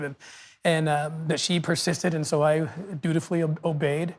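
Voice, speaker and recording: A man's voice: a little high, flat delivery, moderate pace. A middle-aged man, a podcast guest, telling an emotional story in a conversational, earnest way.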